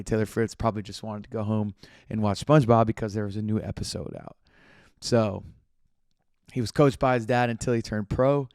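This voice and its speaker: A man's voice: fairly low pitch, a little mellow, clear, resonant tone, no room sound, clean studio sound. A young man chatting casually on his own, rambling and correcting himself as he talks. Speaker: podcast host. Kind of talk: casual solo commentary.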